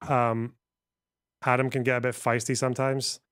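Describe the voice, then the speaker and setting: Male streamer, mid pitch, crisp voice, loose profane chat to viewers. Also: level tone, moderate pace, fairly bright tone, no room sound, clean studio sound. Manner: profane, rambling, reacting to chat. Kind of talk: casual live-stream chat.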